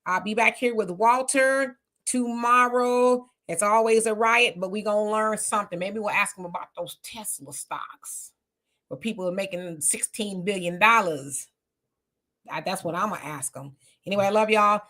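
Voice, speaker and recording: A woman hosting a casual live stream, reading viewer comments aloud and answering them in an animated, talkative way. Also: mid-range voice, moderate pace. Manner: animated, talks back to comments.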